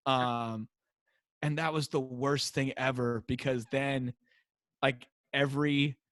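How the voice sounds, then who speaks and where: An American man, a high school teacher, telling classroom stories in a casual interview and acting out the kids' voices. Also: takes it slowly, no echo. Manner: animated storyteller, acts out kids chanting. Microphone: wearing a mic.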